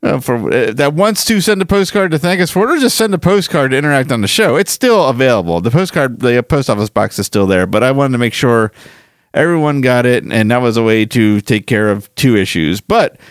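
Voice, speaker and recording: A man's voice: mid-range voice, lively intonation, fairly quick, dry recording, clean studio sound. A man hosting a podcast in casual chat, rambling and self-deprecating as he goes through listener mail. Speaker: podcast host.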